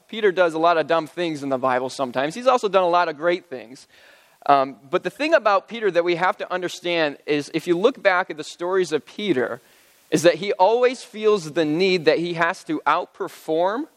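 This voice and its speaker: A man preaching a sermon as a pastor, retelling the story in a relaxed, conversational way with fillers like "kinda" and "uh". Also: on the high side, in a large hall.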